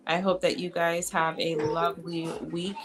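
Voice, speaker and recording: A woman's voice: fairly low pitch, level tone, normal speed, music in the background, poor audio. Encouraging lady running an online reading group, helps kids say words, playful teasing, video call sound. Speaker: reading program host.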